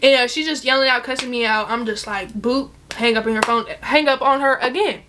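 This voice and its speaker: A young woman telling a casual storytime, animated and profane, acting out the other people's lines in bursts. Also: fairly high pitch, a little fast, noisy background.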